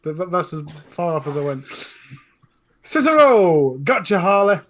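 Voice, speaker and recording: A man's voice: high voice, big pitch swings, normal speed. A man with a Northern English accent co-hosting a casual live stream, reading tongue twisters from chat and laughing at his own stumbles. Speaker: co-host.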